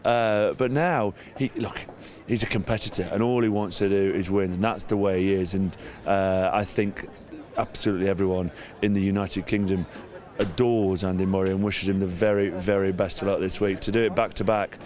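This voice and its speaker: English man, middle-aged, low-ish voice, chatty, self-mocking, interviewed outdoors. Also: moderate pace. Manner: chatty and self-mocking, turning lively and animated. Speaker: interview guest, former rugby player. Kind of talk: casual interview chat. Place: outdoors at a sports venue.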